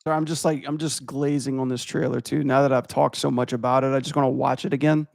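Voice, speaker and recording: A man's voice: mid-range voice, level tone, fast talker, creaky, darkish tone, no room sound, studio quality. A young adult man from Louisiana, rambling and swearing as he critiques animation for his stream chat. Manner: rambling, profane, filler-heavy.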